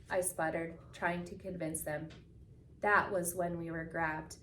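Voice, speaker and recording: A woman reading a picture book aloud with expressive storytelling, slowing down for the solemn moments. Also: on the low side. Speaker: reader. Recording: echoey room from a distance.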